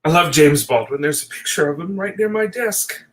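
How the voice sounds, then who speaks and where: A man's voice: on the high side, lively intonation, normal speed, rough recording. A middle-aged man delivering an impassioned, profane late-night rant, at times teary. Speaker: video essayist.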